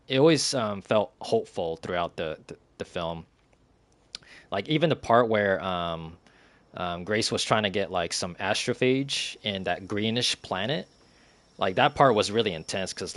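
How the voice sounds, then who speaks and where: A man's voice: lowish voice, a bit bright, no echo. A young man streaming a game and chatting casually, rambling with lots of fillers, restarts and giggles.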